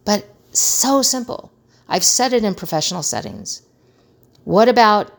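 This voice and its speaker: A woman's voice: medium pitch, expressive, unhurried. A middle-aged woman hosting a casual advice talk, earnest and conversational, acting out remarks she quotes. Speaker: host.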